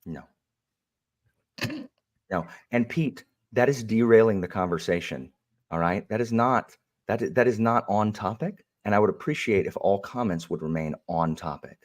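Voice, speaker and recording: A man's voice: fairly low pitch, expressive, moderate pace. A man hosting a video call chat in a stiff, overly proper and polite manner. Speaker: host.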